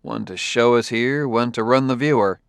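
A man's voice: mid-range voice, normal speed, gravelly, clear, resonant tone, no echo, clean studio sound, lightly acted. A man voicing a blunt, impatient male detective who gives orders brusquely. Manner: brusque, commanding.

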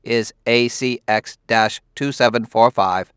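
A man voicing an obedient male service robot that speaks clearly, flatly and without hesitation. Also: medium pitch, takes it slowly, no echo, clean studio sound.

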